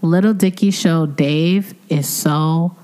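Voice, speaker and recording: A woman co-hosting a podcast in casual chat, animated and quick to laugh as she gushes. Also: low voice. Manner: animated, laughs often, gushes about favorite shows. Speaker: podcast co-host.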